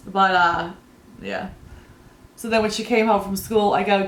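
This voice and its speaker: A woman's voice: medium pitch, normal speed, fairly bright tone, roomy sound. Rambling chatty woman doing her makeup. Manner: rambling, storytelling, laughs at own stories. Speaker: beauty vlogger.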